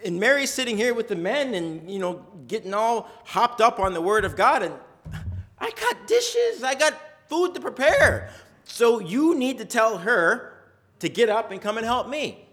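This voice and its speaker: A man's voice: big pitch swings, unhurried, fairly bright tone, full character voice. A man doing a frazzled, pleading hostess. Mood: exasperated. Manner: exasperated, pleading, high and strained. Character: fretful busy woman hosting a meal.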